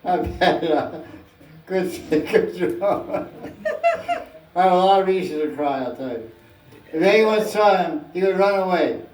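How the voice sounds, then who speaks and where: A man's voice: high voice, unhurried, pauses often, a little mellow. A man giving a scripture class as spiritual teacher, telling stories playfully and acting out scenes, recorded from a distance in an echoey room.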